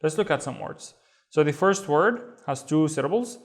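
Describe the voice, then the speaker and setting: A man's voice: fairly high pitch, animated, normal speed. A man teaching reading, patiently sounding out and repeating each syllable. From Saudi Arabia. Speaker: Arabic teacher. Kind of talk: step-by-step reading lesson.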